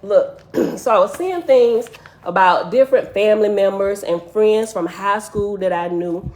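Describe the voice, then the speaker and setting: A woman's voice: mid-range voice, moderate pace, darkish tone. A woman telling a dream story to her listeners in an earnest, emotional way, speaking to them directly.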